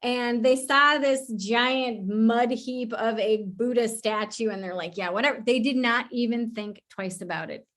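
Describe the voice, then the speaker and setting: A woman with a somewhat high voice, hosting a casual podcast conversation. She tells stories animatedly, laughs easily and swears casually as she talks. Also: measured pace, few pauses, a bit bright. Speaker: podcast host.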